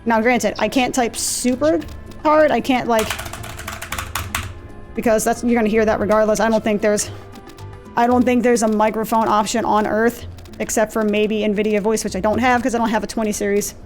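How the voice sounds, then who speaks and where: Woman gaming host, rather high voice, rambling self-deprecating commentary, desk mic, faint game music and keyboard clicks behind. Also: steady tone, moderate pace. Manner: chatty and self-deprecating, easily sidetracked. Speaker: let's play host. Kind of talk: casual gameplay commentary. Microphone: desk mic with gain turned down in software. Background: faint game music and clicky mechanical keyboard.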